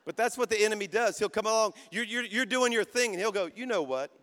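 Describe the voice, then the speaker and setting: A man's voice: high-pitched, fairly even intonation, fast talker, fairly bright tone. A man in his fifties preaching a sermon, exhorting the crowd with call-and-response. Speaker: pastor. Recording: long hall reverb.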